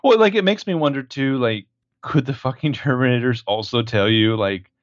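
Profane animated man on a dull podcast recording. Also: medium pitch, moderate pace, no echo. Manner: animated, profane, acts out lines. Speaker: podcast co-host. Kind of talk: casual movie discussion.

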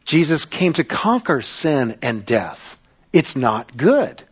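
A man's voice: on the high side, very animated, slow pace, husky. A man preaching a sermon in a conversational way, putting questions to the congregation. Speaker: pastor.

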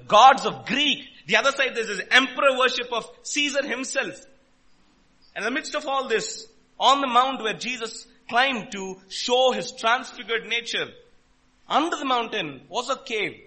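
Male preacher, high voice, very bright and sharp tone, emphatic, rhetorical questions. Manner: emphatic, rhetorical questions, rises and drops in volume. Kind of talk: sermon.

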